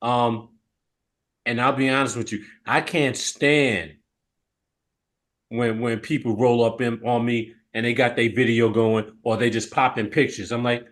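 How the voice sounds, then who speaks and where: A man's voice: medium pitch, little pitch movement, unhurried, a bit bright. A man co-hosting a podcast, giving his opinion in a candid, emphatic way in casual chat. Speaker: podcast co-host.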